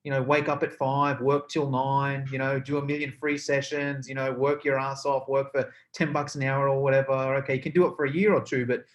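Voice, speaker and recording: A young adult man hosting a podcast interview in an excitable, rambling way with lots of fillers. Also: mid-range voice, brisk, hardly any pauses. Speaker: podcast host. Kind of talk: casual interview chat.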